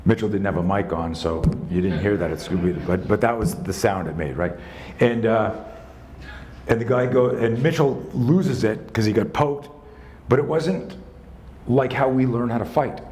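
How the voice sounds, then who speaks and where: A man in his sixties, a self-defense instructor telling a story in a live talk, animated, conversational and profane. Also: fairly low pitch, moderate pace, slight background noise. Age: 60s.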